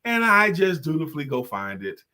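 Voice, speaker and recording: A man co-hosting a talk show, chatting casually and telling animated stories. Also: fairly high pitch, moderate pace. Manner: animated storyteller, acts out voices in jokes and stories. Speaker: podcast co-host. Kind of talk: casual chat with storytelling.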